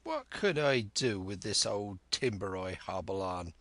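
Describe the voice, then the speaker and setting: A man's voice: on the low side, expressive, measured pace, a bit bright, no room sound, pitched below the performer's own voice. Long John Silver, salty old sea cook read by a man. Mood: blustering. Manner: salty sailor slang, bluff and wheedling. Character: cunning one-legged old male sea cook, blustering. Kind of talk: audiobook character reading.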